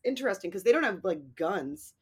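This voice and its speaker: A woman's voice: mid-range voice, big pitch swings, brisk, gravelly, breathy edge. A woman co-hosting a podcast, talking about films in a casual, wry, self-deprecating way with plenty of swearing. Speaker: podcast co-host. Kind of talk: casual film chat.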